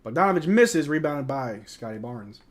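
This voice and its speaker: With a mid-range voice, lively intonation, and a moderate pace, a young American man runs a live game watch-along. He reads viewers' chat questions and reacts to the action as a frustrated fan, keeping the banter casual and full of slang.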